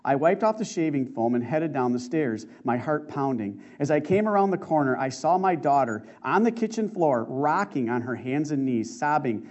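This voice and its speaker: Male preacher, sermon reading, earnest and emotive, fairly high voice, dull lo-fi sound. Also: expressive, a little mellow. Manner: earnest, emotive, with slow dramatic stresses. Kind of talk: sermon reading a testimony aloud. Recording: muffled lo-fi recording.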